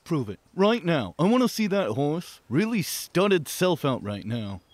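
A man's voice: a little high, big pitch swings, unhurried, dry recording. A man playing an impatient male horse owner in an improv comedy scene, giving curt commands. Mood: demanding.

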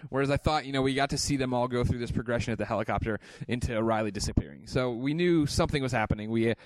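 A man's voice: medium pitch, very fast, no room sound. A man co-hosting a podcast in casual chat, joking and sarcastic. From San Francisco area. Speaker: podcast co-host.

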